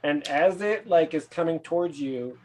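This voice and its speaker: A man running a tabletop game as game master, describing the scene in a relaxed way. He pauses a lot and fills the gaps with ums and likes. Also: fairly high pitch. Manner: hesitant, many fillers, relaxed narration.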